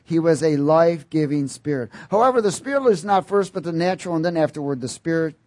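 A man's voice: a little high, expressive, fast, a little mellow. A man preaching a sermon, reading scripture emphatically and calling out questions for the congregation to answer. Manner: emphatic, with call-and-response.

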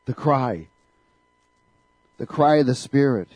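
A man's voice: medium pitch, animated, takes it slowly, a little mellow, breathy edge, no echo, rough recording. A man preaching a fervent sermon in a church, calling out questions for the congregation to answer back. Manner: fervent, call-and-response preaching.

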